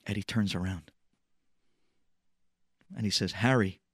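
A man telling a religious story dramatically, swinging between loud and hushed. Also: mid-range voice, moderate pace, no room sound, clean studio sound.

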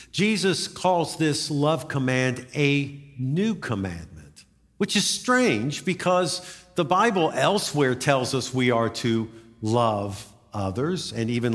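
A man preaching a sermon to his congregation, with lively emphasis and easy jokes with the listeners. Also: fairly high pitch. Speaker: pastor. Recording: reverberant sanctuary, voice sometimes far from mic.

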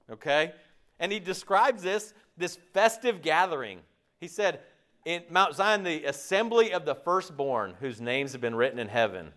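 A man preaching a sermon in a lively, conversational way, joking and asking the congregation frequent questions. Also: fairly high pitch, moderate pace. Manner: asks the audience frequent questions. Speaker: pastor.

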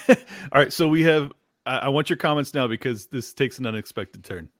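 A man's voice: medium pitch, animated, moderate pace, fairly bright tone, dry recording, studio quality. A man hosting a podcast, trading crude jokes with guests and laughing often. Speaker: podcast host. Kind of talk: casual podcast banter.

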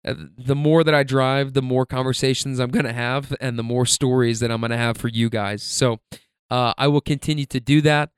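A man's voice: mid-range voice, fairly even intonation, fairly quick, clear, resonant tone, dry recording, studio quality. A man hosting a podcast, telling stories in a loose, profane, rambling way full of fillers. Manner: laid-back, profane, filler-heavy rambling. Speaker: podcast host. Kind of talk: casual storytelling monologue.

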